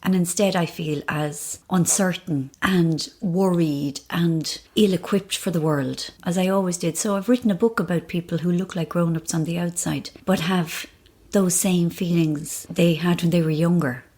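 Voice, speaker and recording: A woman's voice: on the low side, fairly even intonation, moderate pace, darkish tone. A woman in her fifties, a novelist guest in a candid interview, talking frankly and self-deprecatingly, recorded in a hotel room. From Ireland. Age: 50s. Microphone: mic perched on an ironing board.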